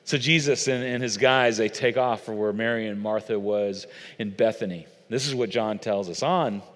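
A man's voice: lowish voice, moderate pace. Earnest man preaching in a big hall. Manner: earnest, conversational, addresses audience directly. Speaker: pastor. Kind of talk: sermon.

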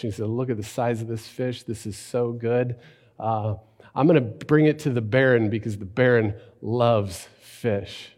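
A man preaching a sermon, telling a story and then building to emphatic, animated points. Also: mid-range voice, big-room sound. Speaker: pastor.

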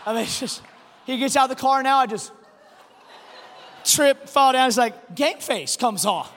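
A pastor preaching a sermon, telling a family story with lots of restarts and animated delivery. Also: male voice, extremely high pitch, moderate pace, long pauses. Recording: long hall reverb.

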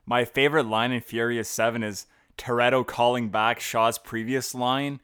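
A man's voice: mid-range voice, moderate pace, clean tone. A man co-hosting a casual podcast, talking animatedly about favorite movie moments and peppering his speech with "like". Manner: chatty, heavy use of "like", animated. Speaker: podcast co-host.

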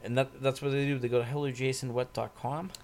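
Crude, gravelly, swearing man. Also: mid-range voice, flat delivery, fast, a little mellow, soft background music. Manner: crude, heavy swearing, joking. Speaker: podcast host. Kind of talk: casual chat.

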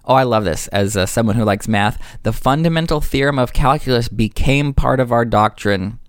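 A man's voice: mid-range voice, normal speed, clear, resonant tone, no room sound, studio quality. A man talking earnestly and with enthusiasm about faith, explaining ideas and correcting himself as he goes. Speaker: religious discussion speaker. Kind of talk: earnest religious discussion.

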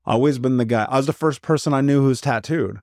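A man's voice: medium pitch, quick pace, no room sound, clean studio sound. A man guest on a podcast, telling his own story frankly and with energy, often acting out what others said. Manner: animated, frank storytelling with quoted voices. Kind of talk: candid storytelling.

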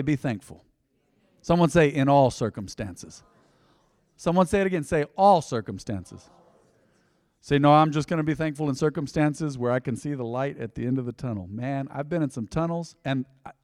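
A middle-aged male pastor giving a conversational sermon, dropping to a near hush and then surging loud. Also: on the high side, no echo, studio quality.

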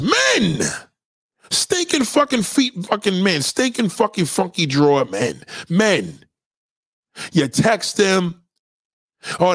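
A man's voice: sits high, fairly bright tone, no room sound, clean studio sound. A man in a heated, profane livestream rant, lecturing his audience.

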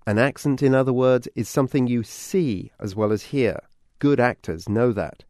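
A man's voice: mid-range voice, normal speed, a little mellow, dry recording. Middle-aged british guy narrating a radio feature, wry and chuckly, dry studio sound. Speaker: podcast host and language editor. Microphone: studio mic.

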